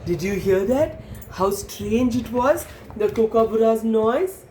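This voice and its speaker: A woman telling a story to children in an animated way, stopping to explain things. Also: a little high, slow pace. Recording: echoey room, faint noise.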